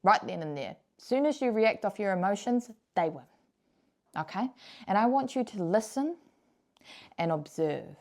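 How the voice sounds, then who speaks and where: A woman's voice: mid-range voice, expressive, normal speed, pauses often. A young woman giving frank, casual advice to camera, blunt and emphatic, swearing freely and repeating her key points. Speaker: vlogger.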